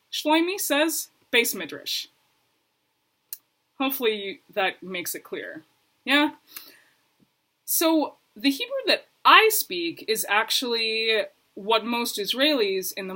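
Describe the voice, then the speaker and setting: Chatty bright-voiced woman teaching. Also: mid-range voice. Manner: chatty, self-deprecating, laughs often. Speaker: Hebrew teacher. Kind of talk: casual video lesson. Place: lived in Brooklyn.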